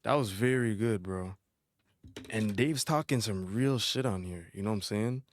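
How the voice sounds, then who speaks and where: A young man hosting a casual album reaction, chatty and animated, using slang and laughing often. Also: fairly low pitch, moderate pace. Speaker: music reaction host.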